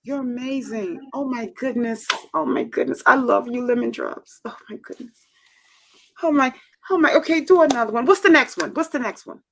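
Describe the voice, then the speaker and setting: A woman hosting a live stream, chatting casually in an excitable, gushing way. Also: high-pitched, normal speed, background noise.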